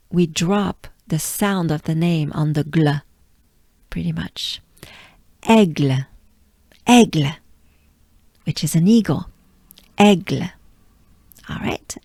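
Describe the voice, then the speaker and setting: A woman from France with a French accent, teaching pronunciation slowly and patiently, repeating each sound for the listener to copy. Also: lowish voice, dark tone, no echo, clean studio sound. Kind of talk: pronunciation lesson with repetition drills.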